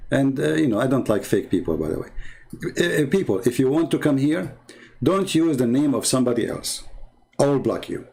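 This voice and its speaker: A man's voice: medium pitch, vocal fry, a little mellow. A man debating on a live stream in a sarcastic, scolding, emphatic way, stopping now and then to read viewer comments. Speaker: online religious debater.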